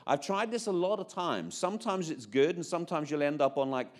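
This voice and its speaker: A man's voice: a little high, lively intonation, brisk. Northern irish guy in his 50s preaching his testimony, rambly and jokey, keeps restarting sentences. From Northern Ireland. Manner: chatty, self-interrupting, jokey asides. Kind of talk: personal testimony sermon.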